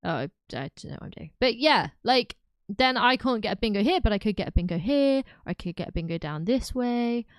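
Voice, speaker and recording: Her voice is a little high and animated, moving fairly quickly over a smooth, echo-free recording. She's a young woman on a live stream, chatting casually with her audience, giggling frequently and leaning on fillers like "like" and "um."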